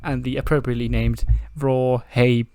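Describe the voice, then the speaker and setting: A man's voice: mid-range voice, level tone, moderate pace, darkish tone, clean tone, no room sound. Brief: casual male let's-play commentator, chatty, self-amused, dry mic. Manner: chatty, laughs at himself, reads out scores. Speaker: game commentator.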